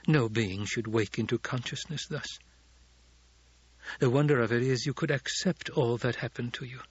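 A grave, composed noblewoman, as a male narrator reads her, speaking quietly and evenly. The voice is husky with a breathy edge, and the recording is dull and dry. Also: medium pitch, moderate pace, no echo, close to an everyday voice. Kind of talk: audiobook character voice.

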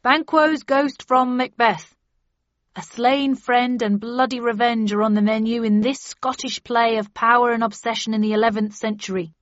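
A woman voicing a male master of ceremonies with bright announcer patter. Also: on the high side, fairly even intonation, normal speed, no echo, muffled recording, natural voice. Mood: announcing. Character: showy awards-night male master of ceremonies.

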